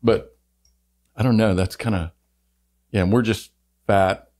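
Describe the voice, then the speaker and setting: A man's voice: fairly low pitch, fairly even intonation, measured pace, darkish tone. A man with a faint Southern American accent co-hosting a podcast, talking in a rambling, chatty way. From Southern United States. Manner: rambling, talkative, laughs often. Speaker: podcast co-host. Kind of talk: casual chat.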